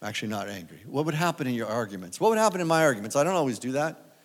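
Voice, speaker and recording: A man with a fairly high voice preaches a sermon as a guest speaker. He talks conversationally, often turning to ask his listeners questions. The sound carries the long reverb of a church hall. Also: sing-song, rapid-fire. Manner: conversational, asks the audience questions.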